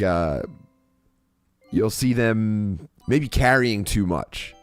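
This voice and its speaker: A man with a low voice rambles through a story to his stream, interrupting himself and swearing freely. His pitch swings widely as he tells it, and faint music plays behind him. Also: dry recording. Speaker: streamer host. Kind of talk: casual storytelling to a live chat.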